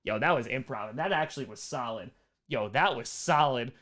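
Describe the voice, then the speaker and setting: A man with a strained, hoarse voice, reading viewer questions aloud and joking at his own expense in a casual livestream Q&A. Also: medium pitch, a little fast, slight background noise. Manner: animated, reads chat aloud, self-mocking jokes. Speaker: streamer answering viewer questions.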